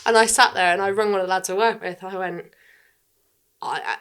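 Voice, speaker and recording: A woman's voice: mid-range voice, fast talker, clear, resonant tone. Blunt, swearing young woman telling stories. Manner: blunt, swears freely, quotes others in lively voices. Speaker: podcast guest, farm worker. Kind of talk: casual storytelling chat.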